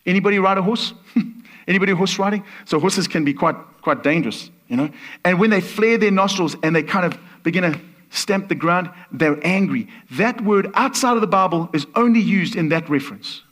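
High-voiced man preaching a sermon. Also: animated, a little fast, fairly bright tone. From Portuguese. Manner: storytelling, acts out voices in quotes. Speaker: guest preacher.

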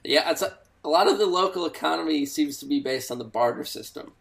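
A man's voice: on the high side, fast, gravelly, a bit bright. A man co-hosting an improvised comedy podcast, prompting his partner in a mock-earnest interviewer manner. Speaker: podcast co-host.

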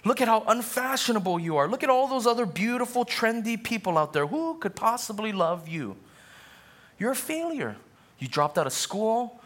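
A jeering male devil, as a preacher puts him on, voice raised well above the speaker's own. He pokes at his listener with doubting, mocking questions and sneers at every weakness. His pace swings from drawn-out taunts to quick jabs. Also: high voice, very animated, a bit bright, pitched above the performer's own voice, full character voice.

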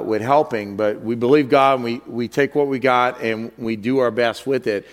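A man preaching in a church, chatting casually with fillers, whose pitch jumps high and loud when he tells a funny story. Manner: conversational, with filler words and restarts. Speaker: pastor. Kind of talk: sermon with an animated, joking story.

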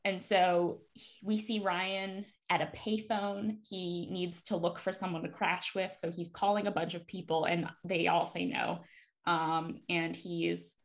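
A woman with a fairly low voice co-hosts a casual podcast. She recaps an episode in a relaxed way, with plenty of fillers. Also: a little slow, creaky. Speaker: podcast co-host.

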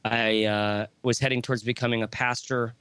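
A man's voice: medium pitch, flat delivery, normal speed, fairly bright tone, clear, resonant tone, no echo. A man in his thirties talking as a podcast guest, rambling and joking, often breaking off his own sentences. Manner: rambling, joking, self-interrupting. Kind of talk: casual conversation.

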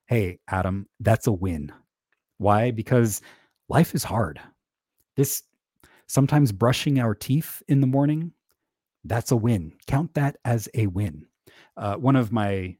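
A man's voice: lowish voice, dark tone, no room sound, clean studio sound. A man hosting a podcast, talking candidly and with self-deprecating humor, chuckling often and restarting his sentences. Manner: conversational, with many fillers and restarts. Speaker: podcast host. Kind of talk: casual podcast monologue on faith.

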